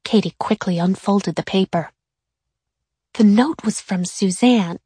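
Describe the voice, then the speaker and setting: A woman reading a children's chapter book aloud in a clear, even storytelling manner. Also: medium pitch, measured pace, no room sound. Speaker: narrator. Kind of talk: scripted children's book narration.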